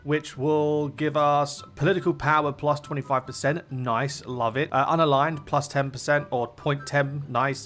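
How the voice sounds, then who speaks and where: A young man giving casual strategy game commentary, chatty and thinking aloud as he plays, often easily excited. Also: on the high side. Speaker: gaming YouTuber.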